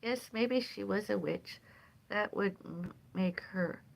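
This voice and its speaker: A woman chatting on a live stream from home in a meandering way, sighing often and drifting between loud and soft. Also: mid-range voice, slow pace, creaky, poor audio. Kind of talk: rambling live stream chat. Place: at home, indoors.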